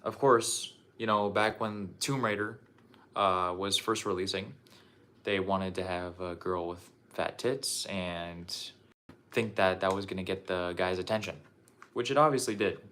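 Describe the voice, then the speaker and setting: Low-voiced and fairly bright in tone, a young streamer speaks a little slowly with fairly even intonation while showing his games. He's winded, casual and profane, often backing up to restart a sentence.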